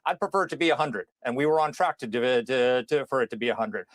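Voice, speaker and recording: A political commentator explaining his view on a ceasefire in a deliberate, measured way, with frequent restarts. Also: mid-range voice, dry recording.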